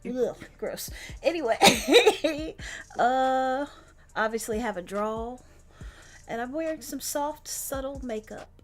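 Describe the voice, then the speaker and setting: A woman's voice: a little high, unhurried, soft background music. A woman playing a tabletop role-playing game over a voice call, giggly and hesitant as she describes her character. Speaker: player. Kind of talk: casual tabletop chat.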